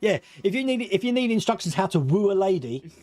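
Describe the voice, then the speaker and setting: A man from Australia with an accent mixing Australian and British, hosting a livestream quiz, playful and giggly as he reads out answer options slowly. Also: high voice, sing-song, dark tone, no echo, studio quality. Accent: Australian mixed with British. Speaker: quiz host.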